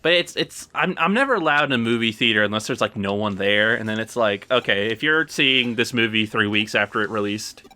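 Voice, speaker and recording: A man's voice: on the low side, lively intonation, a little fast, few pauses, bright, forceful tone. A young man hosting a gaming chat, rambling through an anecdote with fillers and laughs. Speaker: gaming channel host. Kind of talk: casual chat while playing a game.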